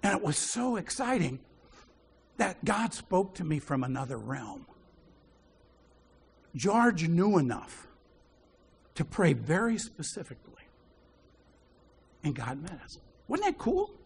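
A husky male preacher tells a personal story from the pulpit, chuckling often as he goes. His voice sits a little high and swings widely up and down, giving the telling a lively feel. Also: takes it slowly, long pauses. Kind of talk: sermon storytelling.

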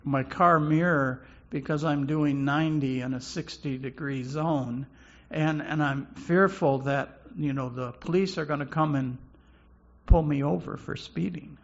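Guy preaching a sermon real slow, gravelly voice, kinda dull lo-fi sound. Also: on the high side, fairly even intonation. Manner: slow, halting, repeats words while preaching. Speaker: pastor.

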